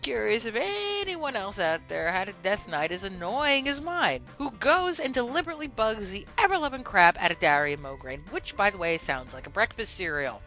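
Woman, podcast host, comic storytelling, animated, joking, gravelly, bright forceful tone. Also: mid-range voice, moderate pace, few pauses, soft background music.

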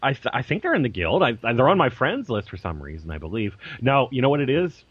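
Lively laughing man on a dull dry mic. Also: medium pitch, quick pace, slightly rough, dry recording. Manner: chuckling, apologetic, lively reading. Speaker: podcast co-host reading listener email. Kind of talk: casual podcast chat.

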